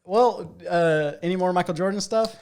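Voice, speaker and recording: Man, podcast co-host, casual chat, swears a lot, lively storytelling, slightly high voice. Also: normal speed, clear, resonant tone. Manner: profane, animated storytelling with acted-out quotes.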